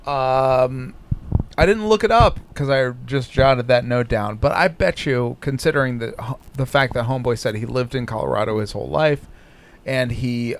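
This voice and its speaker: Foul-mouthed sarcastic podcast host man. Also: mid-range voice. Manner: crude, swears constantly, sarcastic. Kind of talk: casual profane commentary.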